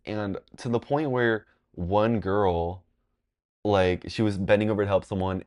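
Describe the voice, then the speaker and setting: Young man, very deep voice, rambly and dramatic, casual storytime. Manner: rambling, filler-heavy, animated and dramatic. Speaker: vlogger.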